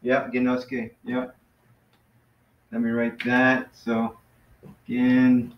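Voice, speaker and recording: A man's voice: medium pitch, extremely slow. Casual man teaching in a roomy classroom. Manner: relaxed, lots of fillers and self-corrections. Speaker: Greek teacher. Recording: roomy, dull lo-fi classroom recording.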